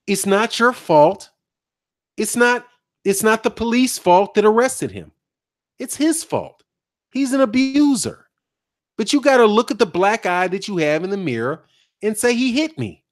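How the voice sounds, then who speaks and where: A man's voice: high voice, no room sound, clean studio sound. A man hosting a boxing channel live stream, giving slangy commentary with frequent laughs and repetitions while reading chat messages. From United States. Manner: animated, slangy, laughs often, repeats himself.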